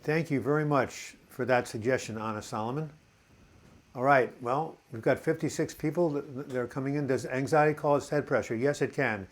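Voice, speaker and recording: A man's voice: mid-range voice, normal speed. Chatty man hosting a live chat. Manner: chatty and rambling, reads viewer comments aloud; encouraging, addresses viewers as boys and girls. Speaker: host of a live video chat. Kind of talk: casual live-stream chat answering viewers.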